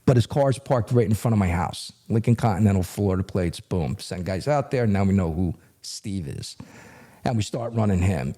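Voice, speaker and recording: A middle-aged man, a retired federal agent, telling a story in an animated, conversational way as a guest. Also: lowish voice. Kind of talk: storytelling in a podcast interview.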